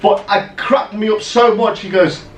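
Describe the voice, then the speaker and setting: A man co-hosting a podcast, telling stories in casual, animated chat full of "right?" asides. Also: high voice, unhurried, far from the mic. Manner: animated storyteller, lots of "right?" and "yeah?" asides. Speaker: podcast co-host. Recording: roomy echo, off-mic, faint noise.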